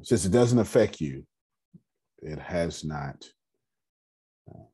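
A man with a raspy voice hosting a casual group discussion, speaking in a measured, emphatic cadence. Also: deep voice, animated, mellow. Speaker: host.

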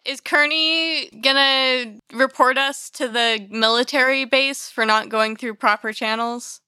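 High, bright woman player. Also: fairly even intonation, measured pace, clear, resonant tone, dry recording, clean studio sound. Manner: eager, question-asking. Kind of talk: tabletop game chat.

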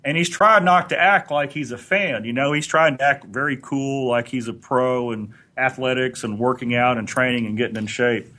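A man's voice: medium pitch, moderate pace, few pauses, bright, forceful tone. Guy on a podcast telling a long story, easygoing and rambly, medium voice. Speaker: podcast co-host. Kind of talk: anecdotal storytelling.

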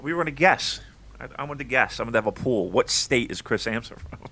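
An American man co-hosting a wrestling podcast in a casual chat, excitable and joking, cursing now and then. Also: mid-range voice, quick pace. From United States. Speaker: podcast co-host.

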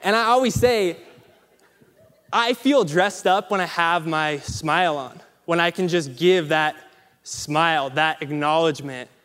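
Animated male speaker in a reverberant hall. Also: a little high, measured pace. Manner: animated storyteller acting out quotes. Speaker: motivational speaker. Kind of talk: storytelling speech on stage.

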